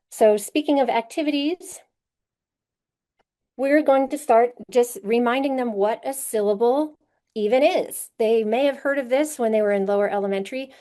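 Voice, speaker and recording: Woman teaching a teacher workshop, mid pitch, explains step by step and keeps asking right?. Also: dark tone. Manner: explanatory, asks rhetorical "right?" checks. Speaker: literacy presenter. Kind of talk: conference teaching session.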